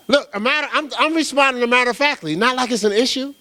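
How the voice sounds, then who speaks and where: A man's voice: high voice, fast, few pauses. A middle-aged man from New Jersey preaching a sermon as pastor, telling stories casually and often asking "right?". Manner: animated storytelling, casual and conversational, with repeated "right?".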